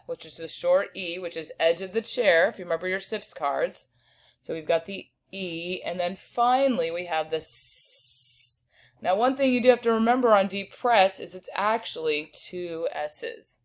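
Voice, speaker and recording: Woman teacher walking thru spelling words, lowish voice, sounds out every word real slow. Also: animated. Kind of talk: recorded spelling lesson.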